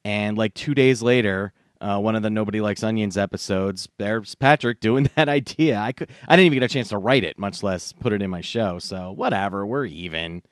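A man's voice: fairly low pitch, a little fast, few pauses, no room sound, studio quality. A man hosting a comedy podcast, casual and profane. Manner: profane, animated, laughing. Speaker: podcast host.

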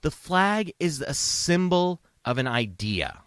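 A man's voice: fairly high pitch, sing-song, slow, a bit bright, clean tone, dry recording, faint music behind. Impassioned man ranting on a podcast. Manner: impassioned, rhetorical questions. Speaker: podcast host. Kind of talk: opinion rant.

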